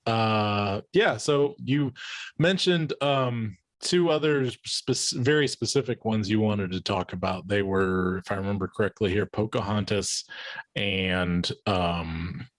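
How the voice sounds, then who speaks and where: A podcast host talking casually with a fairly low voice, recorded close and dry. He rambles, trips over restarts, and circles back to his point in relaxed chat. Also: slow pace, no room sound. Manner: rambling, with many restarts and fillers.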